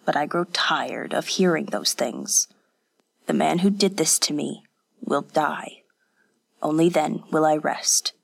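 A woman voicing a bitter young man set on revenge, in a hoarse, croaking near-whisper. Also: deep voice, takes it slowly, exaggerated voice. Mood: grim, low.

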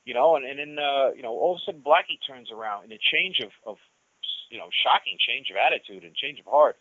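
A man's voice: mid-range voice, animated, fast talker, dry recording, phone-quality sound. A man guesting on an interview, telling long stories in a loose, rambling way full of restarts and "you know". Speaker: guest musician. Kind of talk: casual storytelling interview.

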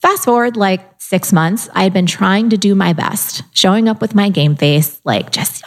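Speaking fairly quickly in a lowish voice, a middle-aged woman recounts her life story casually. She animatedly performs her inner voice and voices the people she quotes.

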